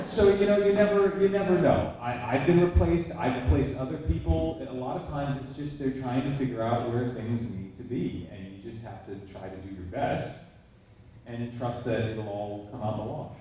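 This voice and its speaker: A man on a convention panel telling a story in an animated way and acting out what others said. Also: mid-range voice, moderate pace, slight background noise. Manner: animated storyteller, acts out quoted exchanges. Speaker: voice actor panelist. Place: large echoey convention hall. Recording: echoey hall from far off.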